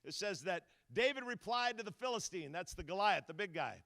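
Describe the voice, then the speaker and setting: A man's voice: high voice, brisk, hardly any pauses, no room sound. A middle-aged man preaching a sermon as a guest speaker, telling stories and acting out the voices in them. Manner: storytelling, animated, acts out quotes.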